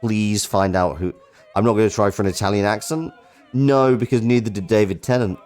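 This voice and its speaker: A man's voice: lowish voice, steady tone, a little fast, darkish tone, faint music behind. A man streaming a card game, chatting casually and rambling in a self-deprecating way.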